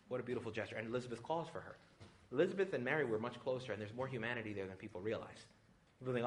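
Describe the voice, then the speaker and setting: Male priest giving a retreat talk, lively and jokey, acts out voices, faint background noise. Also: a little fast. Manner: animated and joking, acting out quoted voices with big pitch jumps. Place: retreat venue with a live audience.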